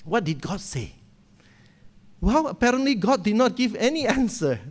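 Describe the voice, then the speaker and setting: Brief: male preacher, high pitch, swooping delivery, pulpit sermon. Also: moderate pace. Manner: animated retelling with frequent "okay?" checks. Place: church pulpit.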